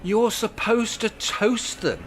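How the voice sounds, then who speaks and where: A man's voice: sits high, sing-song, slow, a bit bright, a little hiss or hum. A man playing a cantankerous pensioner in a comedy sketch, grumpy, sarcastic and bossy. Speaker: cantankerous old pensioner character.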